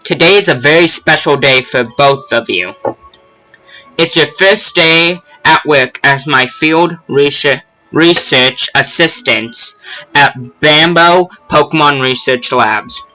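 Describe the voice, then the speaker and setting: Guy reading a forgetful professor in a game, slow explaining, bright tone. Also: a little high, soft background music, low-quality recording. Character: absent-minded older male professor.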